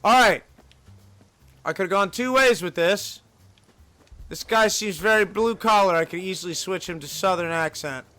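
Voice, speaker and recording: A man's voice: high-pitched, moderate pace, pauses often, pushed and bright, no echo. A man streaming a game live, chatting and joking to his viewers in a self-mocking way. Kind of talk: live gameplay commentary.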